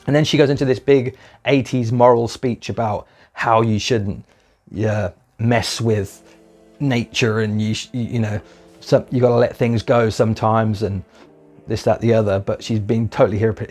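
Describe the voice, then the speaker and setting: A man's voice: on the low side, fairly even intonation, moderate pace, a little mellow, faint music behind. A man giving a chatty, enthusiastic spoken review, swearing casually and briefly acting out lines in put-on voices. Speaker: video reviewer.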